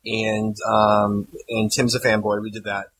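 A man's voice: on the low side, monotone, unhurried, fairly bright tone, slightly rough, low-quality recording. A man hosting a podcast, rambling and teasing as he tells stories in casual banter. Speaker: podcast host.

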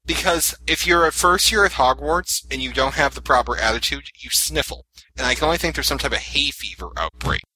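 Bright-voiced joking podcast host man. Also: medium pitch, brisk, slight background noise, poor audio. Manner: animated, joking, retells scenes with quoted voices. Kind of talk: casual fan podcast chat.

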